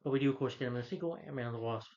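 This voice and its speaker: A man who reviews films rattles off a casual movie plot recap at rapid-fire speed, his tone a little mellow, with many fillers, restarts, and quoted lines spoken in his own voice. His pitch is typical mid-range for a man, and the audio sounds somewhat dull and lo-fi.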